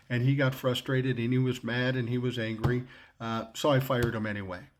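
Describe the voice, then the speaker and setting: A man's voice: medium pitch, level tone, normal speed. Blunt, profane older man telling a story. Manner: blunt, profane, acts out both sides of quoted dialogue. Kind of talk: casual spoken anecdote.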